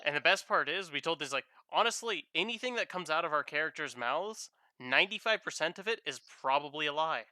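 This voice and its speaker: A man's voice: a little high, animated, a little fast, few pauses, pushed and bright, no room sound, studio quality. A young man chatting casually while drawing on stream, telling playful, rambling stories. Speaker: streaming artist.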